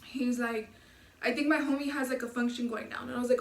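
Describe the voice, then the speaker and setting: A woman's voice: fairly high pitch, fast. A young woman vlogger telling a casual storytime, slangy and profane, acting out the dialogue as she goes. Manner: slangy, profane, animated retelling with quoted dialogue. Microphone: low-quality camera mic. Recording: echoey room, mic at a distance.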